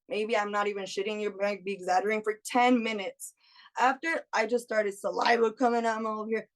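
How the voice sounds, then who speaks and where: A woman in her thirties telling a lively personal story in casual chat, laughing often and acting out what her friends said. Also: mid-range voice, brisk. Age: 30s. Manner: animated, laughs often, acts out friends' lines. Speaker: guest.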